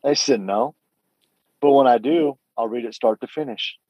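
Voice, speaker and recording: Earnest man retelling his past, halting. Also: medium pitch, a little mellow, dry recording, lo-fi sound. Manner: earnest, halting storytelling with many restarts and acted-out dialogue. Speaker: guest telling his story. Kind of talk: candid personal testimony.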